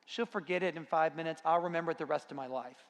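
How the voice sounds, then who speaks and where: A man's voice: a little high, fast talker. Man telling a story in a reverberant hall. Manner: anecdotal, self-deprecating storytelling. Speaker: conference speaker. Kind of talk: storytelling talk. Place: conference hall. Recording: long reverb of a large hall.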